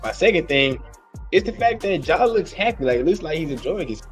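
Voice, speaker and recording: A man's voice: on the high side, very animated, brisk, faint music behind. A man, co-hosting a casual sports podcast in a playful, rambling way. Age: early 20s. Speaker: podcast co-host. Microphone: home mic, remote call.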